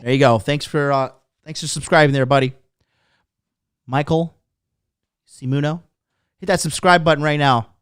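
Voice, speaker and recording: A man's voice: a little high, fairly even intonation, normal speed, long pauses, smooth, no echo, studio quality. A man hosting a podcast, delivering a blunt, profane, mocking rant. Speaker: podcast host. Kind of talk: ranting monologue.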